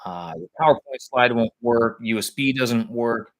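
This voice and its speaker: A man's voice: medium pitch, moderate pace, rough recording. A man talking live about teaching English, rambling and searching for words as he thinks aloud. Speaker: vlogger on teaching English abroad. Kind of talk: live-stream talk.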